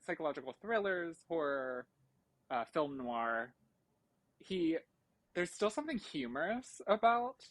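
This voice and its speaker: A man's voice: on the high side, very animated, a little slow, a bit bright, no echo, poor audio. A man co-hosting a podcast, explaining film history at length in a thoughtful, casual way. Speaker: podcast co-host. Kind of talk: casual chat about a film.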